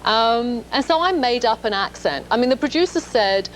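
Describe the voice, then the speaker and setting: A woman's voice: on the high side, expressive, normal speed, a little hiss or hum, poor audio. A woman in her thirties from London with a London accent, chatting as a guest on a TV shopping show and laughing often. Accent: London English. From England. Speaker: guest actress. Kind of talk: casual chat. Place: TV shopping studio.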